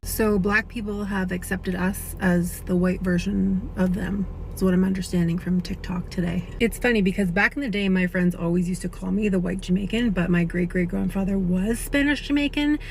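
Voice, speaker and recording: A woman's voice: mid-range voice, fairly even intonation, normal speed, vocal fry, few pauses, a little mellow, a little hiss or hum, rough recording. A woman chatting casually about her identity in a social media clip.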